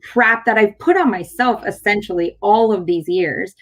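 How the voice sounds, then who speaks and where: A woman in her thirties from San Diego, mid-pitched, telling a personal story on her talk show. She tells it animatedly and jumps into the voices of the people in it. Her speech rambles a little, full of "like" and restarts. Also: moderate pace. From San Diego, California. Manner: animated, acts out quoted dialogue; rambling with many fillers and restarts. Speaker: chiropractor and show host. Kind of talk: casual interview storytelling.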